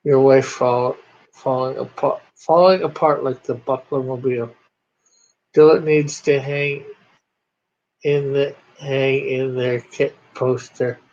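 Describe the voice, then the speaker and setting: A man's voice: medium pitch, darkish tone. Male stream host, casual, reads chat aloud, lo-fi stream sound. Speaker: comic artist hosting a livestream. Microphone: video call on a computer.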